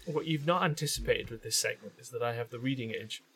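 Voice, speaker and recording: A man's voice: mid-range voice, fast talker. A man with a nasal Geordie accent chatting on a podcast and reading aloud, self-deprecating and swearing when he stumbles over words. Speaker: podcast co-host. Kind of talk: casual chat with stumbling read-aloud.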